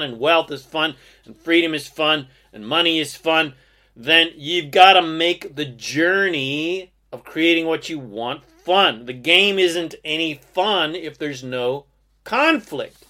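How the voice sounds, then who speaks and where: A man's voice: fairly high pitch, sharp tone. A man hosting a motivational podcast, speaking in an emphatic, exhorting monologue with occasional profanity. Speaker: podcast host and success coach.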